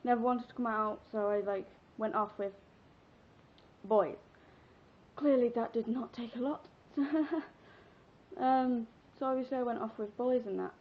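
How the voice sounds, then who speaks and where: A woman's voice: on the high side, fairly even intonation, a little slow. A sixteen-year-old girl from England telling a personal story in a casual, chatty, giggly vlog, rambling with fillers. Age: teens. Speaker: vlogger. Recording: dull lo-fi webcam audio.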